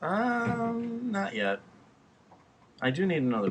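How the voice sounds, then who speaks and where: A man with a New York accent, with a bright, forceful voice, trading loud jokes on a casual podcast. He swears freely and needles his friend. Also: mid-range voice, big pitch swings, moderate pace, slight background noise. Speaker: podcast host.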